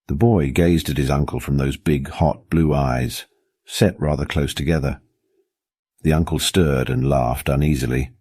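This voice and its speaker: A man narrating a short story in a measured, expressive reading. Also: very deep voice, no echo, clean studio sound.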